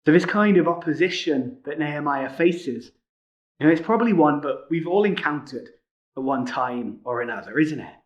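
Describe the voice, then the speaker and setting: A man's voice: fairly high pitch, lively intonation, normal speed. A man preaching a sermon in a conversational way, often adding tag questions such as "isn't it?". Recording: muffled lo-fi recording.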